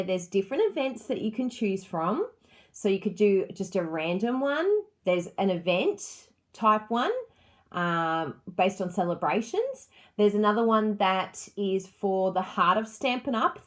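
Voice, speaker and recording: A woman hosting a crafting livestream, chatting casually and gushing with enthusiasm over her supplies. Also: medium pitch.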